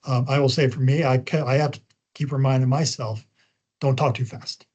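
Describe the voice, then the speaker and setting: A man giving spokesperson training on a video call, talking quickly once he gets going, with frequent ums and uhs. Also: medium pitch, level tone, darkish tone, breathy edge. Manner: talks fast when he gets going. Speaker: media trainer. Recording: dull lo-fi call audio.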